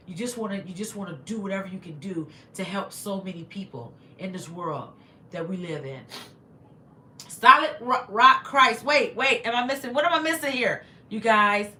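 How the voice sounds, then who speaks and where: A woman's voice: mid-range voice, pushed and bright, a little hiss or hum. A woman hosting a casual livestream, reading viewer comments and thanking them over and over, sounding a little congested. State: slightly congested. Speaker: livestream host. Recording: echoey room.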